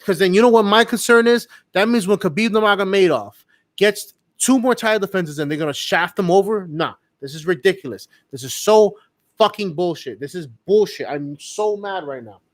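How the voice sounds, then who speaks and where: A man's voice: high voice, a little fast. A man co-hosting a live fight reaction show, ranting heatedly with lots of profanity and repetition. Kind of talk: casual live reaction chat.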